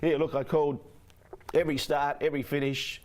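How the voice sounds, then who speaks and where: Give me a hoarse man, a race caller telling chatty stories as a guest. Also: fairly high pitch, a little fast. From Australia. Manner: chatty, animated anecdotes with repeated "you know what I mean". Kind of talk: interview guest storytelling.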